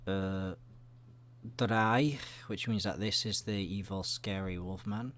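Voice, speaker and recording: A man's voice: sits low, fairly even intonation, slow pace, fairly bright tone, slight background noise. A man giving rambling, jokey let's-play commentary, swearing often. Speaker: gaming video creator.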